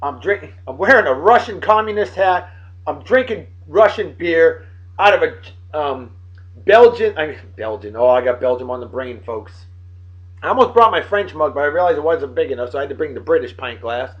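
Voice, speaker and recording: Man, late 30s, beer vlog host; boisterous and self-hyping, slightly high voice. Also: animated, a little fast, muffled recording. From Martha's Vineyard, Massachusetts. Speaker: host of a beer-of-the-day show. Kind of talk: casual beer-tasting vlog.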